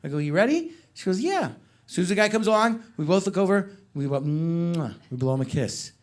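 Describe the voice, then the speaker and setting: Speaking quickly in a high voice, a middle-aged man delivers a club stand-up set. Animated stories alternate with crowd work as he jokes with the people in front of him.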